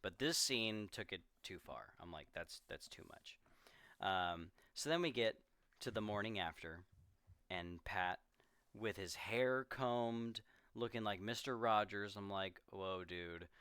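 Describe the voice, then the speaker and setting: A young man co-hosting a casual film discussion, animated and acting out characters' lines as he retells scenes. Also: lowish voice, unhurried, smooth, no room sound. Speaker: podcast co-host.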